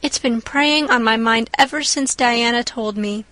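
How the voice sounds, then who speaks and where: A woman's voice: fairly high pitch, measured pace, bright, forceful tone, dry recording. A woman voicing an eleven-year-old orphan girl, imaginative and chattering, who speaks breathlessly and gushes in her audiobook reading. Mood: breathless pleading. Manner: breathless, gushing, rapturous.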